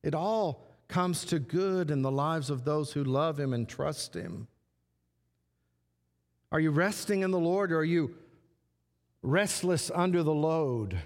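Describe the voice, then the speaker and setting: A man preaching a sermon as pastor, slow and repetitive, stressing short phrases again and again. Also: a little high. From Texas. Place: church sanctuary. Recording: long church hall reverb.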